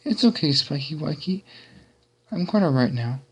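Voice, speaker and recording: A prim, dramatic lady pony with fancy airs, as a man puts her on. The voice sits clearly higher than ordinary talk and carries a showy, refined lilt. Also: lively intonation, moderate pace, poor audio. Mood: clipped.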